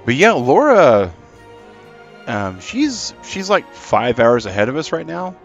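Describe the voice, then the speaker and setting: A man's voice: medium pitch, very animated, slow pace, muffled recording, soft background music. A man live-streaming a game, chatting and rambling casually to his viewers. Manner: chatty and rambling, talking to chat.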